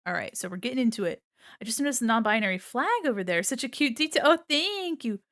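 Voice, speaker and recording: Fast and expressive, a fairly high-pitched, slightly bright female voice belongs to a young VTuber drawing on a live stream while giggling and chatting with viewers. She has a slight valley-girl lilt and admits she sounds a bit like a valley girl. The recording is dry and clean, studio-grade.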